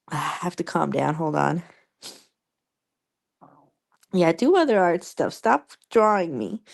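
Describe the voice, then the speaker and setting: A young woman streamer chatting casually with her viewers, rambling and halting with many fillers and restarts. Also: fairly low pitch, big pitch swings, creaky.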